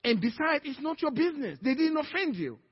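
A male pastor with a Nigerian accent preaching a sermon, animated, acting out little dialogues as he teaches. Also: very high-pitched, fairly quick, big-room sound. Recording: dull lo-fi sermon recording.

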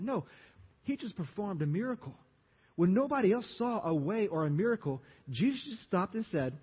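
A pastor from Louisiana with a Louisiana accent, preaching an animated sermon and asking the congregation questions. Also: male voice, high-pitched, fairly quick, husky. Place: church sanctuary. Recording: dull audio, long hall reverb.

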